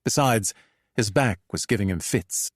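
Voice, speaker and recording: A man with a fairly low voice narrates a thriller audiobook in a steady, measured storytelling style. The studio-quality recording has no room sound.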